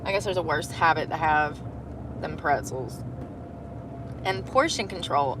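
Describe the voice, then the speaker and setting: A woman chatting casually on a livestream from inside her truck, telling animated stories and swearing freely. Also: low voice, a little slow, long pauses, background noise.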